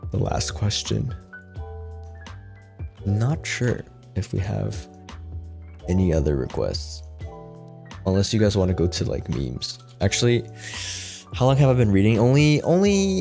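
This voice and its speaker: A man's voice: on the low side, gravelly, warm tone. A man streaming from his piano, reading a storybook and chatting casually with his chat, easily amused. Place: at a piano in a home streaming setup.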